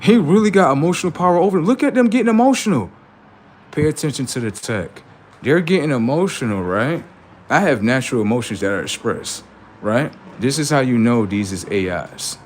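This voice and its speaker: Male streamer, rambling storyteller, animated pitch, faint background hiss. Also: a little fast. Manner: rambling, repetitive, asks "right?" often. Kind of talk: live-stream commentary and storytelling.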